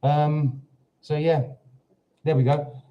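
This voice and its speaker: Slow, chatty British man livestreaming. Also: on the high side, flat delivery, dark tone, lo-fi sound. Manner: chatty, rambling, talks to his dog and reads out viewer comments. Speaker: livestream host. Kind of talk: casual livestream chat. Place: home in Portugal.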